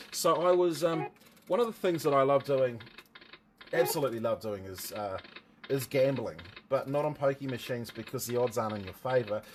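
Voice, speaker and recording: A man's voice: medium pitch, darkish tone, slight background noise. Chatty New Zealand man hosting a stream. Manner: rambling, chatty, jokey asides to viewers. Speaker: livestream host and motorsport commentator. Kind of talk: casual livestream chat.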